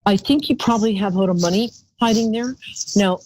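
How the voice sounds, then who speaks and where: A woman's voice: medium pitch, fairly quick, darkish tone, low-quality recording. A woman hosting a live call-in psychic show, chatty and rambling, calling her callers darling.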